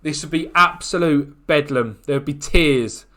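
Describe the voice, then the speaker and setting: A man commentating on his own football management game, excitable and quick to groan and shout at the action. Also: on the high side. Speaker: gaming YouTuber.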